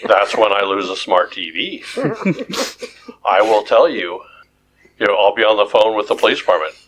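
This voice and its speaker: A male podcast host in casual chat, delivering animated, joking rants with frequent restarts. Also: on the low side, moderate pace, slight background noise, poor audio.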